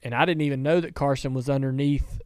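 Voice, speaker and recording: A man's voice: medium pitch, fairly even intonation, quick pace, a little mellow, dry recording. A man hosting a casual studio talk show, telling rambling stories with many restarts. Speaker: podcast host and team owner. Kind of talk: casual chat.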